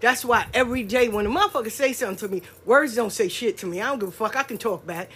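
A woman's voice: a little high, fast, a bit bright, slightly rough. A woman, hosting a solo podcast and ranting bluntly and profanely, acting out other people's voices. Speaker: podcast host. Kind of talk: casual solo podcast rant.

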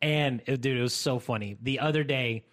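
A man's voice: medium pitch, brisk, fairly bright tone. A young man co-hosting a podcast, telling stories in casual chat with lots of fillers and frequent laughter. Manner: chatty storytelling, laughs often, many fillers. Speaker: podcast co-host.

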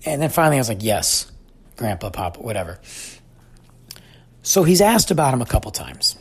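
A man's voice: mid-range voice, very animated, brisk, slightly rough. A man in his forties telling a heartfelt story about his family in a thoughtful personal monologue. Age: 40s.

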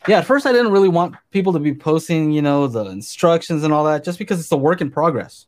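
An easygoing man in relaxed podcast talk who likes to tease his co-host. His voice sits a little higher than most men's. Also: fast talker. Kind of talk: casual chat.

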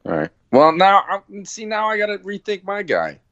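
A man with a lively, up-and-down voice talks sports on a podcast, animated and quick to laugh. His voice sounds dull and lo-fi, dry with no room around it. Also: sits high, dry recording. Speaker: podcast co-host. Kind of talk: casual sports chat.

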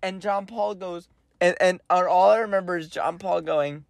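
Animated man telling a family story. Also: high-pitched, normal speed, vocal fry, dry recording, studio quality. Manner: animated, acts out family members in quoted voices. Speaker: podcast co-host. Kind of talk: casual storytelling chat.

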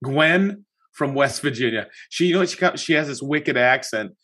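A man hosting a podcast, talking casually and telling animated stories with lots of restarts. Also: medium pitch, moderate pace. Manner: animated storytelling, chatty with many restarts. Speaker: podcast host. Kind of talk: casual chat.

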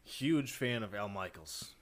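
A man's voice: on the low side, animated, a little slow. A young man co-hosting a sports podcast, opinionated and blunt, often restarting his sentences. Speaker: podcast co-host. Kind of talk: casual chat.

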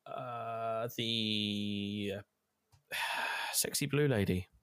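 A man's voice: on the low side, very slow, a bit bright, clean tone, dry recording. A young man casually recapping a video game, rambling with lots of fillers and casual swearing. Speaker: gamer recapping play. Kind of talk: casual chat.

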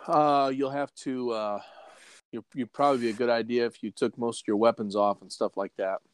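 A man's voice: mid-range voice, fairly even intonation, brisk, clear, resonant tone. A man running a tabletop game as game master, narrating with frequent hesitations. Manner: hesitant, lots of fillers and restarts.

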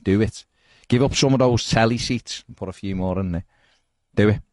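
A man's voice: on the low side, moderate pace, no echo, clean studio sound. A man co-hosting a casual podcast, reading out viewer comments with jokey banter. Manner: jokey, animated, swings into mock voices.

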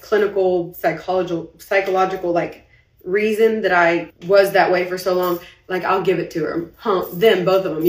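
A young woman talking on a late-night live video, rambling and confessional and holding back tears, saying she feels anxious. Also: on the low side. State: anxious, heart racing. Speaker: business owner livestreaming. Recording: roomy echo, somewhat far from the mic.

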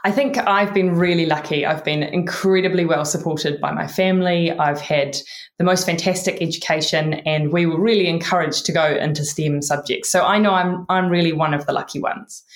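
New Zealand woman, low voice, roomy echo. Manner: warm, earnest, often says "really". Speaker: neuroscientist guest. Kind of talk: interview answers.

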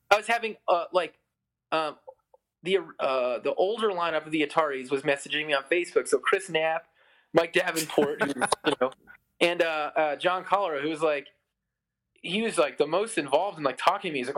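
He's a musician in his thirties guesting on a casual podcast, with a voice on the high side and a slightly fast delivery. His long story rambles, is full of "like," and includes vividly acted-out quotes.

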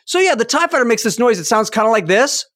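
A man in his fifties hosting a podcast, telling childhood stories in a casual, animated way. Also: very high-pitched, quick pace, heavy background noise. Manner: animated storytelling, acts out toy sounds. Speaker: podcast host. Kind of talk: casual chat.

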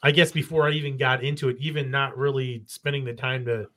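A man's voice: mid-range voice, flat delivery, a little fast, fairly bright tone. Rambling American man, casual chat. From United States. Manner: rambling, many fillers and restarts.

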